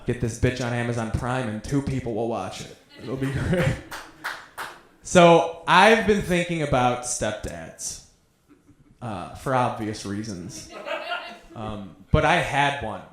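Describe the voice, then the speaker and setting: A man's voice: medium pitch, expressive, takes it slowly, a little hiss or hum. Crude storytelling man on a comedy stage. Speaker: stand-up comedian. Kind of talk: stand-up comedy set. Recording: roomy club sound.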